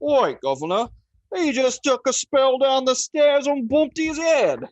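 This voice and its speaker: A man putting on a bumbling English village police constable with a deliberately overdone mock Cockney accent. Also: very high-pitched, big pitch swings, no echo, muffled recording, voice pushed up, exaggerated voice. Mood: jovial. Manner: exaggerated, drawling put-on accent.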